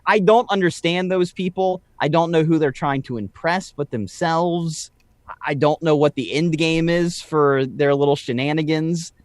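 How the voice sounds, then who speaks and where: A man's voice: a little high, no echo, studio quality. A man co-hosting a podcast, sardonic and given to ranting with repeated phrases. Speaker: podcast co-host. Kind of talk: casual podcast banter.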